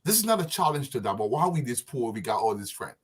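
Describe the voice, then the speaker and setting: A man hosting a live talk show, telling animated stories and laughing often. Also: medium pitch, fast talker, husky. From Liberia.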